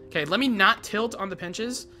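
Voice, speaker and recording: A man running casual gameplay commentary, excitable and full of slang. His voice sits a touch high and has a bright, forceful edge. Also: moderate pace, faint music behind. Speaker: gaming content creator.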